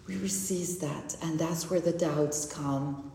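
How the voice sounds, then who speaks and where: A woman's voice: low-pitched, slow, gravelly, slight background noise. Woman telling a faith story in an echoey hall. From Mexico. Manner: animated storytelling, acts out dialogue, laughs often. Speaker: consecrated speaker giving a spiritual talk. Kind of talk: testimony and faith talk. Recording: echoey hall with long reverb.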